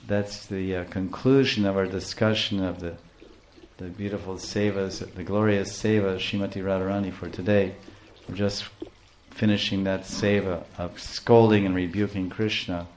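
A man giving a devotional lecture as a spiritual teacher, telling a story in a playful, animated way and laughing often. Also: sits low.

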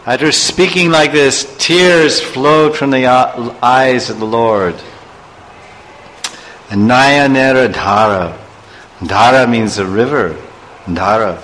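Bright-voiced man telling a sermon story. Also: medium pitch, slow pace, in a large hall, slight background noise, poor audio. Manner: digressive, chuckling asides and chanted verses. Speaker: spiritual teacher.

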